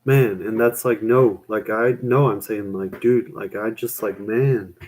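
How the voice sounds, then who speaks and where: A man's voice: lowish voice, steady tone, measured pace, darkish tone. A young man chatting on a live stream, rambling with lots of fillers and casual swearing.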